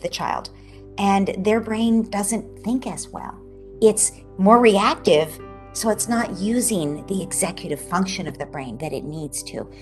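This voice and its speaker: Brief: woman, psychologist guest, animated explanatory interview answers over a video call. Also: medium pitch. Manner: animated, explanatory, dips into soft near-whispers.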